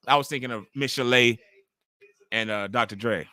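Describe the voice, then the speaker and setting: Man, forties, home livestream host, loud, swears, excitable, crisp bright voice, dry close sound. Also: medium pitch, moderate pace, no room sound. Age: 40s. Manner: loud, profane and excitable, reacting to the action. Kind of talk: live commentary while watching wrestling.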